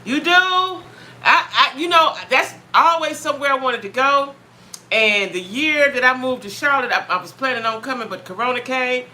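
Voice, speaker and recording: A woman's voice: high voice, normal speed, pushed and bright. A woman hosting a casual live stream from home, chatting with viewers, greeting them by name and repeating herself a lot. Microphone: phone or webcam.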